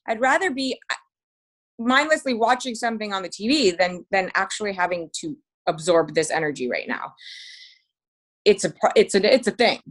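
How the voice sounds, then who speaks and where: A middle-aged woman in a casual chat as a podcast guest, candid and animated, swearing freely. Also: fairly high pitch.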